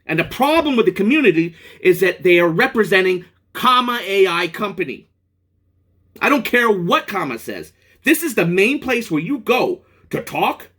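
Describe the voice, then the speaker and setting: Angry man ranting, lively high voice. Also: normal speed, breathy edge. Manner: angry, profane, rambling rant with restarts. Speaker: product reviewer. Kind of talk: ranting vlog.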